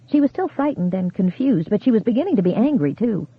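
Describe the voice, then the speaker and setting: An audiobook narrator reading a horror novel in a measured, storytelling manner. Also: mid-range voice, big pitch swings, breathy edge. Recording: tinny phone-like sound.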